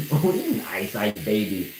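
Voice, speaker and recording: This tattoo artist's lowish, darkish voice swings hugely in pitch at a moderate pace as he tells laid-back, slangy, swear-filled stories on a livestream, laughing at his own story. He's in his studio during a live session, and the low-quality recording has an echoey room and slight background noise.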